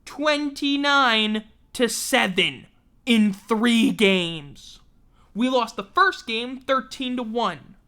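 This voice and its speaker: A woman's voice: a little high, animated, drawn-out words, sharp tone. A woman hosting a casual livestream sports show, ranting in an exasperated, profane way. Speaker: sports talk show host.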